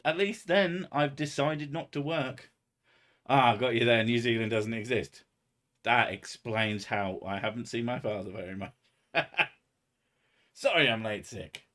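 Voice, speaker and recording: A man's voice: medium pitch, measured pace, fairly bright tone. A man chatting casually on a livestream, rambling and sardonic, with heavy swearing. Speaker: streamer.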